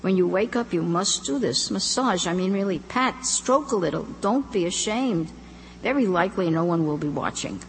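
A woman reading aloud, voicing an aging immigrant father who insistently lectures his daughter with gravelly tenderness. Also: high-pitched, animated, normal speed. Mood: lecturing. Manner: earnest, insistent advice-giving. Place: live reading in a hall. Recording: echoey hall, faint hum.

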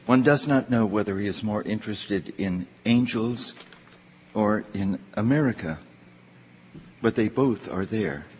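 A man hosting an event, giving a prepared formal introduction in a measured, wry way with dry jokes, in a lecture hall. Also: lowish voice, a little mellow, slight background noise. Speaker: event host introducing a speaker. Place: lecture hall before an audience. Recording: long reverb in a large hall.

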